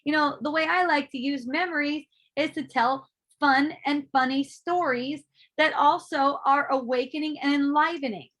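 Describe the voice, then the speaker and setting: A woman giving a casual spiritual talk, animated and laughing often, acting out her own inner voices and swearing freely. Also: high voice, moderate pace. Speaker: spiritual teacher.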